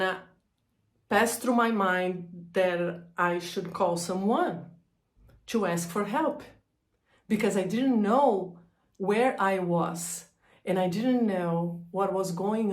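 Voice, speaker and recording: A woman telling a personal story about a breakdown, halting and emotional, laughing through hard memories. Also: medium pitch, reverberant. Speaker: energy healer sharing her story.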